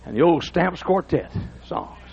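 A man preaching a sermon, dropping to low talk and rising to shouted, half-sung hymn lines. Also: expressive, a little slow, creaky, breathy edge, dull audio. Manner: swings from low mutter to shouted singing of hymns. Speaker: pastor.

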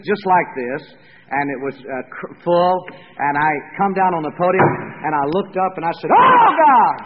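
A middle-aged man preaching a revival sermon, folksy and chuckling, moving from soft asides to loud preaching. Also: on the high side. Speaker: evangelist. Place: large campus hall. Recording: tinny lo-fi hall recording, faint hiss.

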